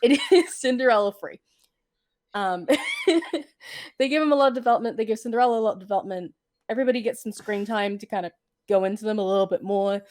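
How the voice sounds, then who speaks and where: A woman's voice: mid-range voice, fast, darkish tone. A woman co-hosting a podcast in casual chat, laughing often and acting out characters' lines. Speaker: podcast co-host.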